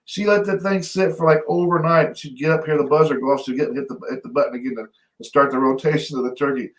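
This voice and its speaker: A man co-hosting a talk show, telling a family story in a lively, laughing way and mimicking his relatives. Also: on the high side, fast talker. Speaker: podcast co-host. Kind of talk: casual storytelling. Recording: echoey room, off-mic.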